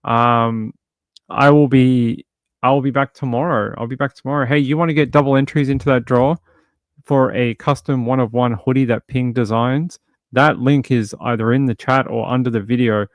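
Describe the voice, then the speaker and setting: A man's voice: mid-range voice, steady tone, moderate pace, no echo. A male livestream host in casual late-night chat, reading viewer comments aloud and rambling with jokey asides. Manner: chatty and rambling, many fillers and restarts.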